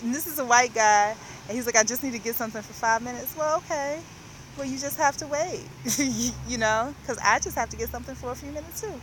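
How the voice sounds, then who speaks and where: A woman's voice: a little high, fast talker, noisy background. A woman, ranting in a chatty, rambling way about her day and acting out what other people said in her own voice. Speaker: vlogger. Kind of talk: casual rambling rant.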